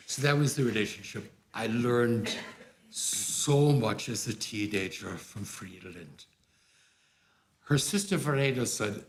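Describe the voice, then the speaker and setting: Older male storyteller, lowish voice, anecdotal delivery, voices his quotes with lively pitch jumps. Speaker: former opera music staff head, speaker. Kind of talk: storytelling talk to an audience.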